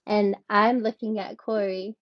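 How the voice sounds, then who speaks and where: A woman's voice: steady tone, a little slow, dry recording. A woman, a podcast guest, telling a personal story in an emotional, rambling way, full of "like" fillers. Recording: dull, dry low-fi audio.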